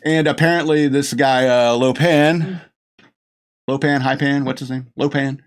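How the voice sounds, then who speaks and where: This middle-aged podcast host rambles casually while reviewing a film, gushing about it, chuckling often, and restarting his sentences a lot. His voice is medium-pitched with fairly even intonation, and he speaks a little slowly.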